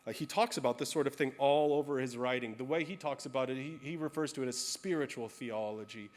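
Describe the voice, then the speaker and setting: A man's voice: medium pitch, fast. Man preaching a candid, storytelling sermon. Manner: storytelling, candid and self-deprecating. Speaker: pastor.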